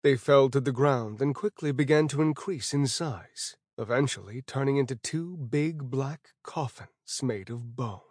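A man reading a first-person fantasy audiobook at a steady, even pace. His voice sits in an ordinary middle register. The recording is close and dry, with no room sound. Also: mid-range voice, a little slow, hardly any pauses, no echo. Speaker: audiobook narrator.

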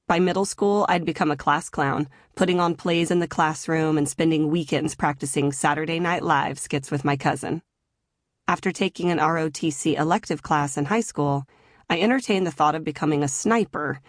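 Female author-narrator, 30s, measured and earnest, low voice, dry studio read. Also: dry recording. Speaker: author narrating her memoir. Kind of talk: audiobook memoir narration.

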